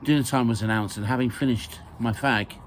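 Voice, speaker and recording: A man's voice: mid-range voice, fairly even intonation, brisk, slight background noise. Man reading his memoir, hesitant. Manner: hesitant with fillers, dry humour. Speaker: author reading his own book.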